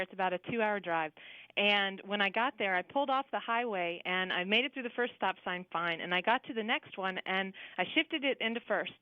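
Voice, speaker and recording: A woman's voice: mid-range voice, no echo. A woman from Arkansas calling into a radio show, chipper and giggly as she explains a car problem. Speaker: caller. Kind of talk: phone-in caller describing a car problem. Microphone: phone line. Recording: slightly dull phone-line audio.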